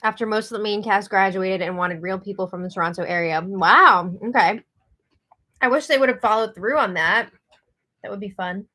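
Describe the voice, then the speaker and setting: Bright, chatty American woman. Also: medium pitch, moderate pace. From United States. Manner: chatty, excitable, laughs often. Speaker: co-host of a live stream. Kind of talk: casual live-stream chat, reading viewer comments.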